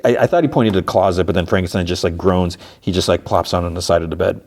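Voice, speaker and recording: Low-voiced male podcast host, loose and rambling, retelling a story. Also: fast talker, a little mellow. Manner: rambling, filler-heavy storytelling. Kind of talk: casual episode recap.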